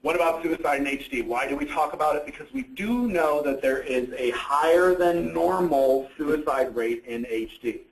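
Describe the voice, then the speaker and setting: A man gives a relaxed, conversational presentation, posing questions to his listeners and answering them himself. His voice sits a little high. The sound carries the echo of a roomy hall. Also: moderate pace, few pauses. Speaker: presenter on psychiatric issues. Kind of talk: educational presentation. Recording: echoey room.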